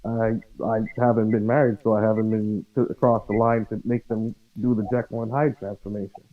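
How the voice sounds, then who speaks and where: A man's voice: on the low side, little pitch movement, a little fast. A man calls in to an advice show over a tinny phone line. He asks provocative questions with a wry edge. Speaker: caller. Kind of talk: call-in advice chat.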